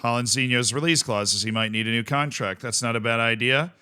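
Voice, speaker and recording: Bright, crisp-voiced male game streamer. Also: mid-range voice, fairly quick. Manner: chatty, reads chat aloud, breaks into excited shouts. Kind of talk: casual live-stream commentary while playing.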